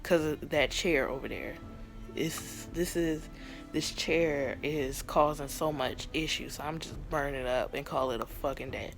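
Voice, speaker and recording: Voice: mid-range voice, unhurried, faint music behind. A vlogger giving a casual, exasperated take on a TV finale, acting out the characters and laughing often. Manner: animated, exasperated, acts out scenes; frequent laughter. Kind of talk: casual TV reaction chat.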